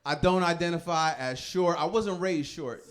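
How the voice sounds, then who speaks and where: A man in his thirties doing a stand-up comedy set, telling loose, laughing stories and switching quickly into other people's voices. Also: on the high side, background noise.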